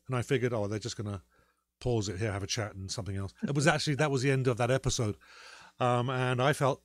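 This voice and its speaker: A man co-hosting a podcast in a loose, rambling chat, full of ums and restarts. His voice sits in an ordinary middle pitch. The sound is dry and close, with no room echo. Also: fairly quick. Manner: rambling, many fillers and restarts. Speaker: podcast co-host.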